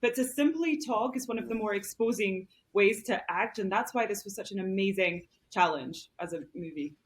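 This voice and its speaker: A woman's voice: medium pitch, normal speed. A woman speaking as an actor in an interview, reflective and articulate about her craft. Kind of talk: casual interview talk.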